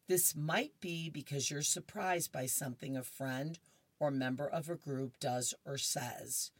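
No echo surrounds this woman's extremely low-pitched voice as she reads horoscopes and newspaper comics radio-style. She keeps it chatty and amused, with asides and laughter between strips.

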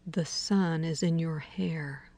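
A woman voicing a stingy, scheming man in a story reading, speaking low and often in a hushed murmur. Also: a little slow, gravelly.

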